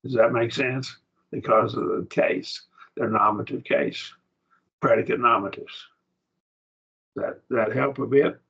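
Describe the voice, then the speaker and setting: Gravelly-voiced man teaching Greek grammar. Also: medium pitch, fairly even intonation, unhurried, long pauses, sharp tone, highs cut off. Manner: patient, explaining step by step with frequent checks. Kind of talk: classroom lesson.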